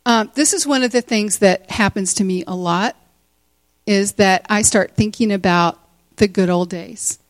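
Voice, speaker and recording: A woman in her sixties telling a personal story to a church gathering, animated and often laughing. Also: medium pitch, unhurried, no echo. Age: 60s. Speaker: teacher speaking at a church retreat.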